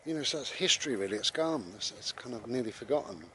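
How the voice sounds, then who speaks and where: A man's voice: mid-range voice, lively intonation, fast, sharp tone, slight background noise. A British man rambling conversationally about mindfulness, with frequent restarts, as he walks his dog outdoors. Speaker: vlogger. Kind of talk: casual spoken reflection on mindfulness.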